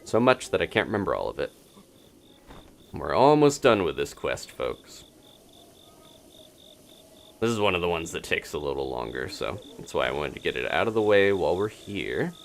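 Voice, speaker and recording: A man's voice: low-pitched, big pitch swings, normal speed, gravelly, long pauses, slight background noise. A man streaming gameplay live, chatting casually to viewers and laughing often as he plays. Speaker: game streamer.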